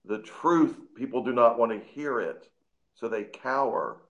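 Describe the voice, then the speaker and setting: A man earnestly recalling a past meeting and his regret, speaking haltingly and repeating himself. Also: mid-range voice, low-quality recording. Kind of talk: reflective testimony.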